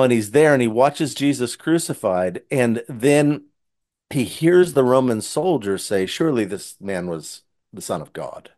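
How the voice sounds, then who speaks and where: A man's voice: mid-range voice, a little mellow. A man who writes Christian children's books, earnestly retelling one of his stories in casual conversation with frequent restarts. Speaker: Christian children's book author. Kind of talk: casual storytelling.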